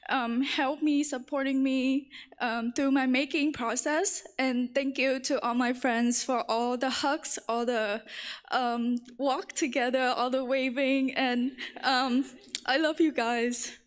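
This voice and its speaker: Woman, high voice, nervous, close to tears, halting, lots of ums, graduation thank-you. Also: fairly even intonation. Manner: halting, many fillers. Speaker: graduating student speaker. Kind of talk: short thank-you speech.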